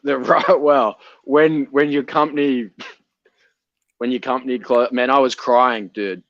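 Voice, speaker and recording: A man's voice: mid-range voice, fairly even intonation, a little slow, dry recording, dull audio. A man talking as an interview guest in a casual chat, blunt and loose, swearing freely.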